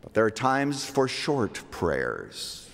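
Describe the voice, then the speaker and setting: Older preacher in an echoing hall. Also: male voice, mid-range voice, huge pitch swings, gravelly. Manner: emphatic preaching, slows to stress scripture. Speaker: pastor. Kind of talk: sermon. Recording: long reverb of a large hall.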